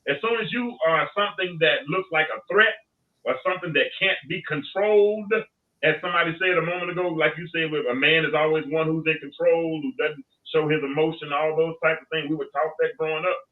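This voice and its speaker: A man hosting a casual panel talk, telling stories in an animated, plain-spoken way. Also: fairly high pitch, fairly quick. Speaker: talk show host. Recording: tinny phone line, distant from mic.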